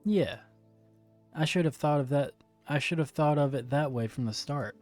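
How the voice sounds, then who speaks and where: A man's voice: a little high, normal speed, a little mellow, soft background music, natural voice. A man voicing a worried teen boy, reading his lines plainly and earnestly.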